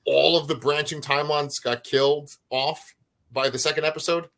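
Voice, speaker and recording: Bright-voiced man chatting on a video call. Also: fairly high pitch, moderate pace. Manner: animated, swears casually, tries silly voices. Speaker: co-host of a live review show. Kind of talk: casual chat. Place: home bedroom.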